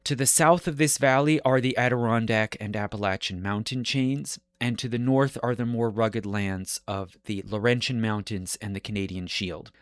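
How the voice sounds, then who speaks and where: Guy lecturing on history for his podcast, steady explaining tone, no room echo. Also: fairly low pitch, clear, resonant tone. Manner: measured, explanatory, with self-corrections. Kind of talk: lecture-style narration.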